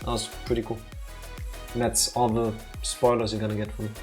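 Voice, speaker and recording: A woman's voice: a bass voice, little pitch movement, fairly quick, darkish tone. Danish-accented woman, playful let's play co-host, teasing banter, faint game music behind. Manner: playful, teasing, theatrical asides. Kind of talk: casual chat over gameplay.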